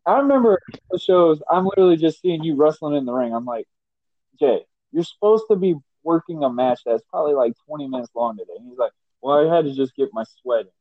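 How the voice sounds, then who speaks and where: A man hosting a casual podcast, telling stories with lively quoted voices. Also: on the high side, fast talker, no echo. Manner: animated storyteller, voices others in quotes. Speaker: podcast host. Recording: dry, dull lo-fi sound.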